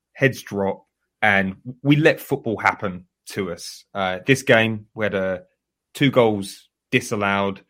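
A man hosting a podcast who moves the talk to a new topic in a measured way, with small hesitations. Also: on the low side, fairly bright tone. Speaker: podcast host. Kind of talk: casual podcast chat.

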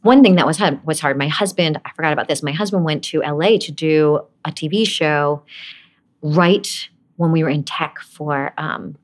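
A woman's voice: low-pitched, moderate pace. A woman from Brooklyn, an actress being interviewed, telling stories casually and laughing often. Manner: laughs often, animated storytelling.

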